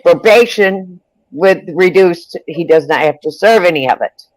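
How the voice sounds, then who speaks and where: Blunt high-voiced man, unhurried. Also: no echo, rough recording. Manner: blunt, matter-of-fact. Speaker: podcast co-host. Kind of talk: casual live panel chat.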